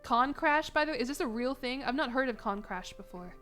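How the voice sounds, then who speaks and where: Young chicago streamer girl rambling about her trip, kinda emotional and laughy, higher voice, soft music under it. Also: lively intonation, brisk. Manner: rambling, emotional, self-mocking, laughs often. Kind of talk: casual chat on stream.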